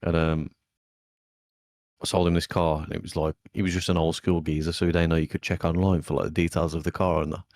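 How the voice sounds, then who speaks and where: A young man with a very low voice, co-hosting a podcast in loose, sweary chat. He tells his stories with animated energy, and his voice sounds close and dry with little room sound. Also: fast talker, no room sound. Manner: swears a lot, animated storytelling. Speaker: podcast co-host. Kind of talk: casual chat.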